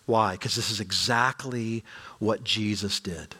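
A middle-aged man preaching a sermon to his congregation, animated, with rhetorical questions and rising intensity. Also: on the low side, a little slow, slightly rough. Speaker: pastor.

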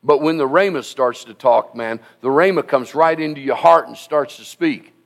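A man preaching a sermon as pastor, emphatic and repetitive, rising at times to shouts. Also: mid-range voice, normal speed, creaky.

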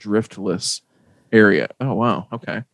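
A Midwestern man hosting a casual podcast, his lowish voice full of gravelly fry. He tells stories with animated, profane energy. The sound is dry and close to the mic. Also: a little slow, no room sound. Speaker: podcast host. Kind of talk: casual chat.

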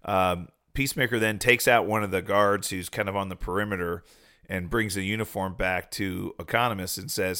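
A man in a casual chat, animatedly retelling a TV episode and acting out the characters' lines. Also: sits low. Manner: animated retelling, acting out dialogue in quick voices. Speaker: podcast co-host.

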